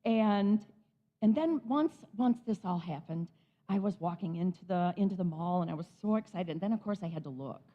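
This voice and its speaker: Excited woman speaker at a spiritual center, bubbly talk, kinda muffled recording. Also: fairly low pitch, normal speed. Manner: bubbly, enthusiastic. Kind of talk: inspirational talk.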